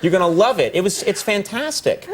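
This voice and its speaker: A man's voice: high-pitched, expressive, brisk, background noise. A man hosting a late-night talk show with an audience, playful and joking as he interviews a guest. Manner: playful, jokey, breaks into silly mock voices. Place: TV studio with live audience. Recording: broadcast with loud studio audience laughter. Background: audience laughter.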